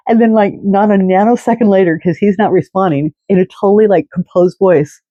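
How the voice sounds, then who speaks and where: A man's voice: high-pitched, fairly quick, no echo, lo-fi sound. A man telling a long, rambling story in a casual, chatty way, full of fillers and restarts. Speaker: fan podcast host.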